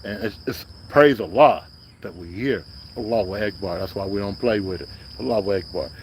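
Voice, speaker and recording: A man's voice: lowish voice, normal speed, slight background noise. A man hosting a livestream in loose, rambling casual talk, sometimes repeating a slogan like a chant. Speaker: livestream host.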